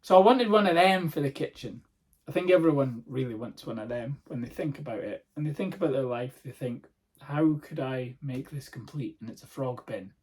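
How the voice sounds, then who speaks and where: Hoarse from a sore throat, a comedian hosts his own podcast and rambles through sweary stories in a casual monologue. His medium-pitched voice is expressive, fairly quick, and darkish in tone.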